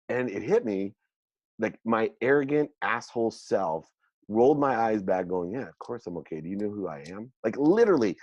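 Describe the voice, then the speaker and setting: A middle-aged man, a guest on an interview show, telling his life story in an animated, self-mocking way and acting out the dialogue. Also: on the low side, no room sound. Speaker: guest entrepreneur. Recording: dull lo-fi dry sound.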